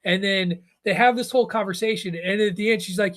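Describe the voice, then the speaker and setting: A middle-aged man hosting a podcast, telling stories in casual, animated chat and rambling with restarts. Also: sits high, fairly quick. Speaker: podcast host.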